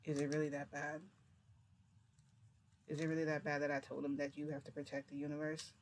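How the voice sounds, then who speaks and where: A woman's voice: sits low, completely flat delivery, brisk, slight background noise. A woman vlogger telling a story to camera in a casual, rambling way, close to tears. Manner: emotional, rambling retelling with many "like"s.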